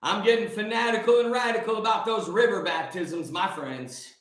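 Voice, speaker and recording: A man hosting a live stream like a fervent sermon, shouting and firing rhetorical questions at his viewers. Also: sits high, normal speed, reverberant, rough recording. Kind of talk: fiery preacher-style live stream.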